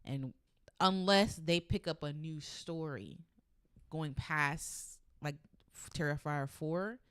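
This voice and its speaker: A woman's voice: sits low, takes it slowly, a bit bright, smooth, no echo. A woman co-hosting a horror news podcast, speaking casually and hesitantly with many fillers. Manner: hesitant, hedging with "like" and "um". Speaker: podcast co-host.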